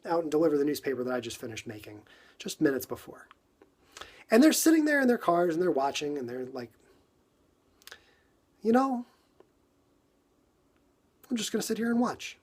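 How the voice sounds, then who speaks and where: A man's voice: on the high side, darkish tone, husky. A man from New York telling a casual story on a phone livestream, acting out his own frustration with lots of repetition.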